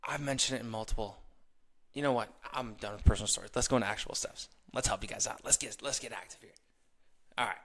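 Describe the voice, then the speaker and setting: A young man hosting a podcast, giving a casual motivational monologue, animated and ranting, mimicking other people in quick quoted asides. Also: mid-range voice. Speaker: podcast host.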